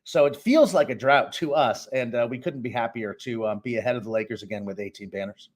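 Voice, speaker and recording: A middle-aged man from Boston, co-hosting a casual sports podcast and giving opinionated, animated takes. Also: mid-range voice, a little fast. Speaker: co-host and sports analyst.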